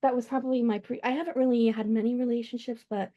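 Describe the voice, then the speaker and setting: A young woman talks with a spirit medium in a chatty, emotional way, often catching on her words. Her voice sits a little high for a woman. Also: steady tone, fast, dull audio, a crowd in the background. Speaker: client.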